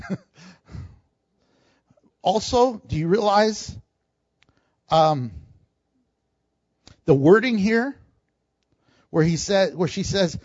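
A man preaches with a high, lively voice. He acts out the lines he quotes and laughs often. The sound is dry and a bit muffled. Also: takes it slowly, long pauses, no echo. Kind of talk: sermon.

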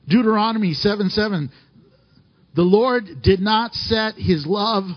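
A man delivers a sermon in a high, husky voice, reading scripture aloud between stretches of heartfelt commentary. His preaching surges with fervor and then drops to near whispers. The recording sounds dull and lo-fi. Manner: emotional, rising and falling preaching with scripture readings. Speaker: pastor.

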